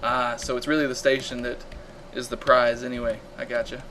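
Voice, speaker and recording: A man hosting a live game stream, chatting casually and reacting loudly to the action while reading viewer comments aloud. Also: mid-range voice, level tone, a little fast, slight background noise, rough recording.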